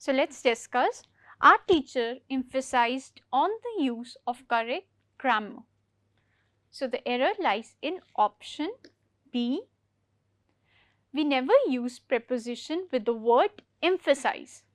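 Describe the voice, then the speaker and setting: A woman teaching an English grammar lesson for exam preparation, explaining each point slowly and repeating key words. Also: high voice, expressive, fairly bright tone, no room sound, clean studio sound.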